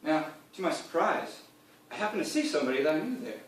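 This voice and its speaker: Man, comic tall tale, rambling, slightly high voice, distant, very echoey room, faint hiss. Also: big pitch swings, quick pace. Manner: rambling storytelling, loud acted-out quotes, chuckling asides. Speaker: speaker giving a comic presentation.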